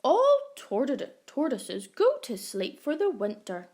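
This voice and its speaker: A woman voicing a grumpy, sleepy father tortoise who exclaims loudly in a storybook. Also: high-pitched, huge pitch swings, slow, heavily acted. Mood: exclaiming. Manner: exclaiming, yawning.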